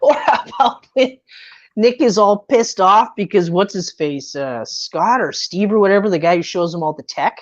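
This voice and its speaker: Laughing, lively-voiced woman podcaster, lo-fi sound. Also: mid-range voice, normal speed. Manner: laughs often, swears freely, acts out quotes. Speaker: podcast co-host. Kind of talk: casual movie review chat.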